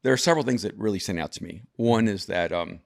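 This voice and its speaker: Fairly low in pitch and quick, this Salvadoran man over fifty tells stories as a guest in a conversational, reflective manner, often restarting his sentences.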